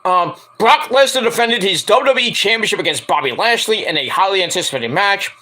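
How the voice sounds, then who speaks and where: A man hosts his own stream, running through wrestling news in a loose, rambling way, with plenty of jokes and swearing. His voice sits high and bright, and it is worn hoarse from a night of screaming. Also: lively intonation, fairly quick. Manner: rambling, joking, profane. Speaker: stream host.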